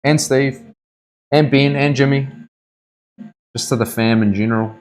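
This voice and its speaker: A man's voice: medium pitch, fairly even intonation, unhurried, poor audio. A man with a New Zealand accent, a tattoo artist chatting casually on a live stream and rambling through stories with plenty of swearing. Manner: laid-back, sweary, rambling storyteller.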